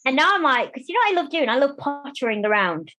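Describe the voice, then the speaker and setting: Speaking quickly in a high voice, a woman from Germany guests on an interview show and recounts her life frankly and with animation. She campaigns for disability rights, and her chatty delivery includes acting out what others said.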